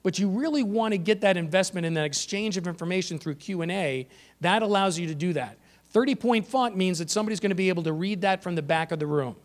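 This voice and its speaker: A man giving a conference presentation to teachers, energetic and emphatic, shifting his pace for effect. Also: high voice, fast talker. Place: conference room.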